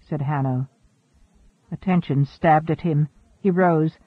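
A man narrating an audiobook with a steady, expressive reading. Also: on the high side, measured pace, husky, dry recording. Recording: narrow, phone-like, dry sound.

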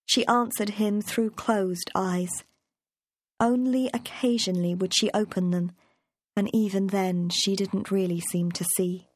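A woman narrates an audiobook in a measured, steady storytelling voice. Her pitch sits in an ordinary middle range. The recording is dry and close, with no room sound around her. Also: no echo. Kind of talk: scripted narration.

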